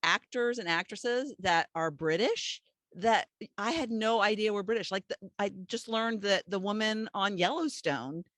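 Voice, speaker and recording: A middle-aged woman hosting a podcast, chatting casually with a guest and reading a scripted sign-off, her sentences often trailing off softly. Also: mid-range voice, a little slow, dry recording. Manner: chatty, warm thanks, soft trailing endings. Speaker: podcast host. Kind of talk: casual interview chat and scripted outro.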